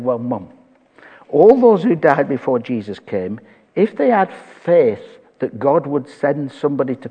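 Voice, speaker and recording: A man's voice: medium pitch, breathy edge. An older man, preaching a sermon and telling stories with quoted dialogue. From England. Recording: dull echoey hall.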